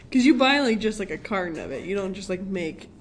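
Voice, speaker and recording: A woman's voice: medium pitch, a little hiss or hum. Young woman chatting, laughing often. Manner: laughing, rambling, full of fillers. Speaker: co-host reviewing a movie. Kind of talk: casual chat.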